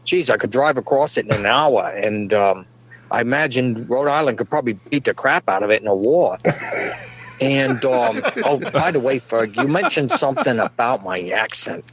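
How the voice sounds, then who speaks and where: A man's voice: medium pitch, expressive, moderate pace, fairly bright tone, slightly rough. A middle-aged man, delivering a folksy, rambling comedic monologue and chuckling at his own jokes. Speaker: comedic podcast guest.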